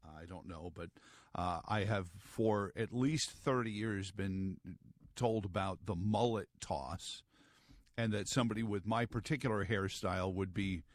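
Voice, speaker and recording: A man's voice: on the low side, no echo. A middle-aged man hosting a morning radio talk show, rambling through news with wry asides and lots of fillers.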